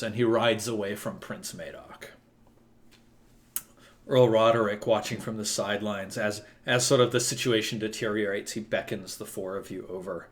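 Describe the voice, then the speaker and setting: A man's voice: lowish voice, steady tone, normal speed, a bit bright. Man rambling through tabletop narration. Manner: loose, rambling narration with many fillers. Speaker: game master.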